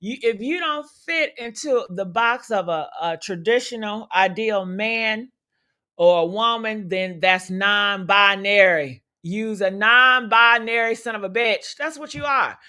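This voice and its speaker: A woman's voice: mid-range voice, measured pace, bright, forceful tone. A woman hosting a livestream, talking in a profane, sassy, combative way full of rhetorical questions. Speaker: livestream commentary host. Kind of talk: loud unfiltered gossip commentary.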